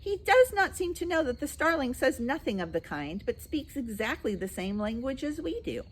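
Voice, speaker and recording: A woman doing a soft amused baby girl. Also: high-pitched, big pitch swings, normal speed, breathy edge, voice pushed up, exaggerated voice. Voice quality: soft, laughing voice.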